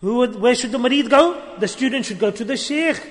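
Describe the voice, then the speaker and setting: A man giving an animated storytelling sermon at a gathering, acting out dialogue and using Arabic religious terms. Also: very high voice, fairly quick. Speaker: preacher. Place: gathering hall. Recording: long hall reverb.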